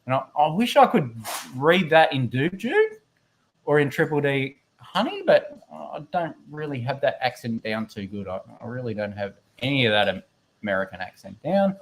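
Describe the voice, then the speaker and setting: His mid-range voice swings widely in pitch at a normal speed, with slight background noise on the computer microphone. As guest co-host of a live stream, he rambles casually, cracks self-deprecating jokes and reads chat messages aloud.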